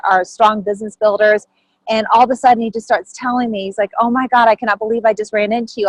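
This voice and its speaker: A woman telling a personal story on a video call, lively and animated, acting out what others said with big jumps in pitch. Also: no room sound, poor audio. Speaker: group member sharing a story.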